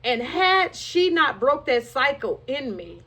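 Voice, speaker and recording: A woman's voice: high voice, very animated, takes it slowly, pushed and bright, slightly rough. A woman frankly and emotionally telling her own life story, with rueful laughs along the way. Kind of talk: candid personal testimony.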